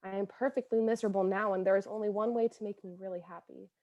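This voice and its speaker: A woman's voice: mid-range voice, steady tone, fast, warm tone, dry recording, muffled recording, natural voice. A woman reading as a lovesick 1918 sweetheart. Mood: longing. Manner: earnest, emotional, imploring. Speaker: reader of historical letters. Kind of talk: dramatic letter reading.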